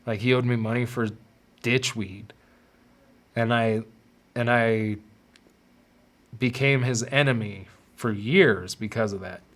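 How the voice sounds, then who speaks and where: Man of middling pitch hosting a confessional podcast, halting and repeating himself. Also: steady tone, fairly bright tone. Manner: halting, repeats words while searching for them. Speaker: podcast host. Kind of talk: confessional personal monologue.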